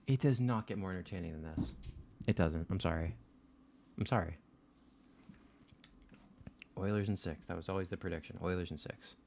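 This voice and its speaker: A man hosting a live stream, chatting casually and excitedly with his viewers and swearing freely. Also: sits low, moderate pace, pauses often, a little hiss or hum. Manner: excitable, swearing, talking straight to chat.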